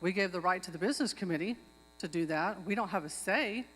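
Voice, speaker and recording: A woman's voice: on the low side, quick pace, a bit bright. Woman pushing her motion at a council meeting, keeps repeating stuff for emphasis, voice ringing in a big pavilion. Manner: earnest, repeats herself when stressing a point. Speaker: tribal member making a motion. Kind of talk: speaking at a public meeting. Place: outdoor pavilion. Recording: long hall reverb.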